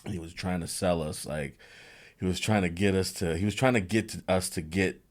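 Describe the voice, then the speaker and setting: A man's voice: low voice, fairly even intonation, normal speed. A young adult man from New Jersey, hosting a podcast and telling a funny story in a loose, rambling way with restarts and laughter. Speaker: podcast host. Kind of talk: casual comedic storytelling.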